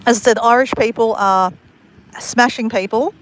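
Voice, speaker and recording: A woman's voice: on the high side, normal speed. Aussie lady rambling thru a travel story, laughs a lot, faint traffic noise behind. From Australia. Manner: chatty, rambling, swears casually, laughs often. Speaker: vlogger. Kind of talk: casual storytelling to camera.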